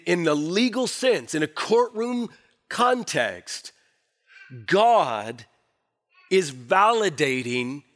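A male pastor preaching a sermon, swinging from emphatic declarations to hushed, low asides.

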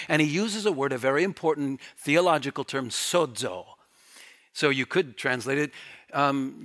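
A man preaching a sermon, breaking into loud, excited bursts and then dropping to hushed, quiet emphasis, with playful mock taunts when he acts out quoted speech. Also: normal speed. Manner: animated, swings from loud bursts to hushed lows.

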